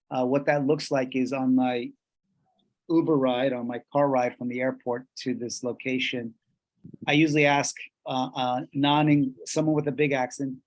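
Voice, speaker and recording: A man from Colombia, presenting a workshop in a measured way, pausing and restarting as he switches between English and Spanish. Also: mid-range voice.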